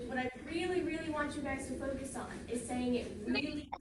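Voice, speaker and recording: A woman teacher encouraging her class to speak clearly and slowly. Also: high voice, very noisy. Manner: encouraging, urging clarity. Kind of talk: classroom instruction. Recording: echoey classroom from far off with loud background.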